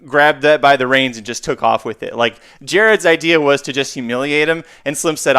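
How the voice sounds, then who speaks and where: A man hosting a casual podcast, relaxed and laughing along in friendly banter. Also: medium pitch, moderate pace, clean tone. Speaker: podcast host.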